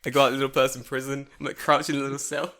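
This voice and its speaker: A man's voice: mid-range voice, racing. A man co-hosting a podcast, telling stories in casual, profane chat and acting out the voices. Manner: animated, swears a lot, acts out voices. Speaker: podcast co-host.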